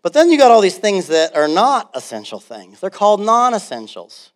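A man with a high-sitting voice preaches a sermon as a pastor, talking a little fast with few pauses. He tells animated stories, laughing and acting out the quotes.

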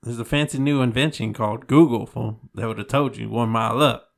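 A man's voice: medium pitch, steady tone, vocal fry. A man co-hosting a casual podcast who cuts in with short questions and teasing jabs. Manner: teasing, quick interjections. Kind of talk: casual chat.

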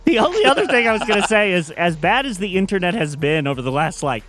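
A man's voice: high-pitched, big pitch swings, fast, a bit bright, faint music behind. A man hosting a sports talk show who moves the conversation between topics with a wry tone. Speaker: sports radio show host moderating topics. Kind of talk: casual sports chat.

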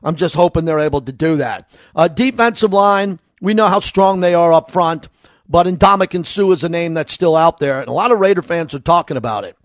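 A man's voice: on the high side, brisk, no echo. A man with a New York accent giving a solo sports commentary as host, in a conversational, rambling way.

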